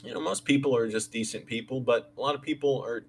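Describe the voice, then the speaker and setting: A man's voice: mid-range voice, fairly even intonation, fast, slight background noise. A young man talking casually and candidly to viewers on a vlog, rambling with restarts as he rants about landlords and roommates. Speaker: vlogger, creative director of the channel. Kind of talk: casual live-stream chat.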